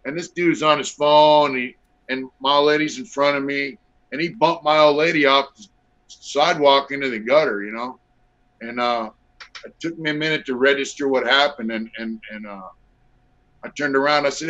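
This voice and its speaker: A middle-aged man, a guest on a video call interview, tells stories in a blunt, profane, laid-back style packed with fillers. His mid-range voice moves at a moderate pace with a sharp tone, and the lo-fi audio sounds dull.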